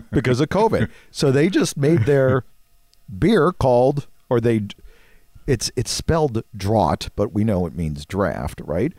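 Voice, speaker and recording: A man's voice: mid-range voice, darkish tone, no room sound, studio quality. A man co-hosting a podcast, telling stories in a rambling, chuckling way. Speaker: podcast co-host, marketing professor. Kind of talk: casual chat.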